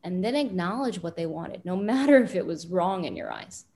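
A woman parenting expert calmly explaining advice in an interview, with many fillers. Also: lowish voice. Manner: calm, deliberate, frequent fillers.

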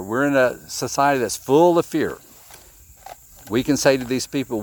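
A man's voice: medium pitch, moderate pace. A man giving a conversational sermon, retelling scripture in plain everyday words and acting out the quoted dialogue. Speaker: preacher.

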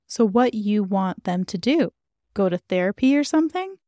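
A woman voicing a blunt, suspicious, outspoken middle-aged neighbor who talks in a sharp, preachy way. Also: medium pitch, lively intonation, normal speed, no echo, clean studio sound, natural voice. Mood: indignant.

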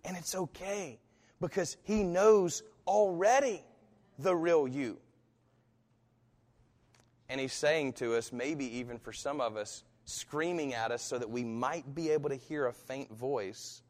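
A pastor preaching a sermon and telling a personal story with animation, acting out the voices of people in it. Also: male voice, medium pitch, measured pace, darkish tone. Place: church. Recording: reverberant hall.

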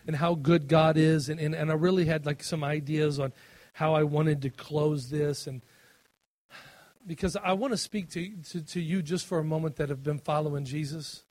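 A middle-aged man preaches a sermon with a fairly high voice. He swells with passion when quoting scripture, then eases into a casual, filler-laced way of talking. The sound is dry and close. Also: steady tone, moderate pace, no room sound. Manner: impassioned, rising in pitch and volume on scripture, with fillers and restarts. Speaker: pastor.

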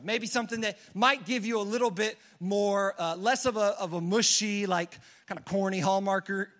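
A young adult man, a youth pastor, preaching a casual, energetic sermon to teenagers and leading call-and-response. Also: high-pitched.

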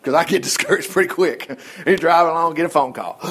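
A man's voice: a little high, fast talker, a bit bright, slightly rough. A man giving a casual Bible study, folksy and digressive, who slips into little acted asides.

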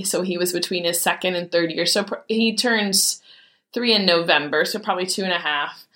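A woman, telling heartfelt family stories in an earnest, animated way as a mother. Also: medium pitch. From Michigan, USA. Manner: earnest, heartfelt, animated retelling with quoted dialogue. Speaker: mother sharing a personal story. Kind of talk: personal storytelling talk.

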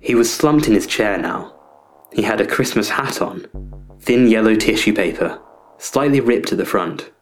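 A man narrating a first-person story in a wry, deadpan way over soft guitar music. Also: lowish voice, normal speed.

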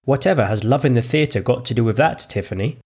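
A man putting on a naive giggly young woman, lilting and bright, gravelly undertone, storybook reading. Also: mid-range voice, fast talker. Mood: innocent, chirpy.

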